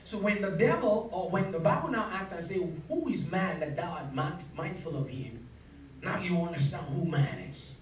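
A man's voice: sits high, expressive, moderate pace. A man preaching a sermon in a church, emphatic and calling on the congregation to repeat his words. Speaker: pastor. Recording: echoey hall, voice from far off, crowd.

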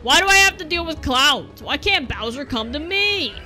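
A young woman commentating a platform game as a let's play host, exasperated and breaking into shouty outbursts, over game music. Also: sits high, expressive, normal speed. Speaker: gaming channel host.

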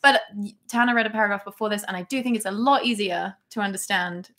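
A woman's voice: medium pitch, fairly even intonation, quick pace, bright, forceful tone. A woman chatting casually as co-host, giggly and self-deprecating. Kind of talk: casual chat.

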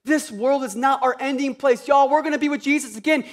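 A high-pitched male pastor preaches in a loose, conversational way. He drops into quiet asides, then climbs to loud, passionate peaks, with flashes of sarcastic humor. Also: fairly quick, hardly any pauses. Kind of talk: sermon.

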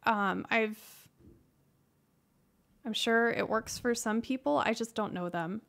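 Soft-spoken hesitant woman, casual chat. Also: fairly high pitch, slow pace, vocal fry. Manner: soft-spoken, hesitant, many ums and restarts. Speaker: guest answering chat questions. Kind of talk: casual livestream Q&A.

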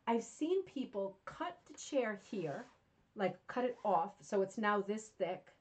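A woman's voice: fairly high pitch, a little mellow. A woman hosting a craft club show in a casual teaching chat, chatty and enthusiastic, rambling and often checking in with "right?".

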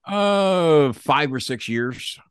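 A man's voice: on the high side, lively intonation, extremely slow, smooth, dry recording, clean studio sound. An older man, a podcast guest, telling stories in a blunt, profane, plain-spoken way. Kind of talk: casual storytelling.

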